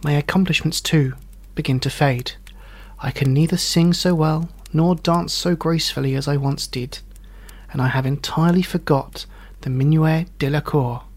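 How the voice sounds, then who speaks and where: A man narrating a story in an audiobook, reading in a measured, wry way. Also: on the high side, steady tone, darkish tone. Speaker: reader.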